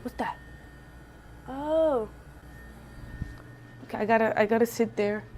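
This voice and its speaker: Animated young woman telling stories on stream. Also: fairly high pitch, slow pace, slight background noise. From Belgium. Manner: animated, lively storyteller with big jumps for quoted voices. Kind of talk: casual livestream storytelling. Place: indoors at home. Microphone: phone on a gimbal.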